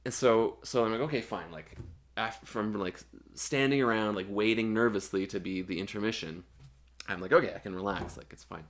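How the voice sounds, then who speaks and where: Young man, lowish voice, chatty storyteller, swears freely, heavy on fillers. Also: fairly quick. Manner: animated, profane anecdote telling with filler words. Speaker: guest musician. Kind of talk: casual storytelling chat.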